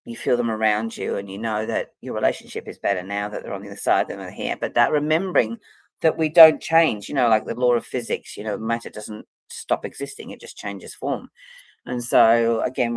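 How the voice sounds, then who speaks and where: A woman's voice: rumbling low, no echo. A middle-aged woman, a psychic and counselor, talking in a rambling, casual vlog chat full of fillers and restarts.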